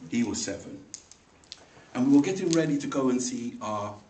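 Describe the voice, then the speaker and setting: At normal speed and in a mid-range voice, a man entertains his speaking club in a meeting room with a funny story from his own life. Animated throughout, he occasionally imitates the characters' voices and laughs along. The room is echoey, the mic slightly distant, and a faint noise sits behind him.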